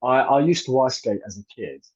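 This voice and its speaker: A man's voice: medium pitch, expressive, brisk, slightly rough. A man in his thirties, a guest in a casual interview, talking hesitantly with many fillers and restarts. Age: 30s. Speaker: actor and filmmaker guest. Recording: dull lo-fi audio.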